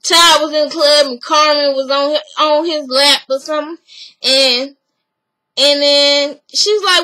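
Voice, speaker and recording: A woman casually retelling a story in an animated, blunt, slangy way. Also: high-pitched, a little slow, rough recording. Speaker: vlogger recapping a reality show.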